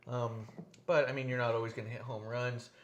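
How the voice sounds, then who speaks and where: A man hosting a casual wrestling podcast, telling stories with lots of swearing and lively animation. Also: mid-range voice, a little fast, highs cut off. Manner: animated, profane storytelling. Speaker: podcast host.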